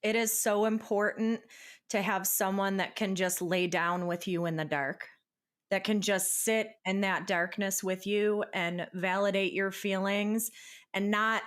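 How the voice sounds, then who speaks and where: Young woman, podcast co-host, reflective and supportive, casual chat, mid-pitched. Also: fairly even intonation, a little slow. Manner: reflective, supportive, laughs often.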